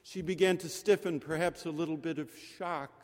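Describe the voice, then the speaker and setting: Male preacher, raised pitch, measured delivery, long chapel reverb. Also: steady tone, darkish tone. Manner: slow, deliberate, repeating phrases for effect. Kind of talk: sermon. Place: chapel during worship service.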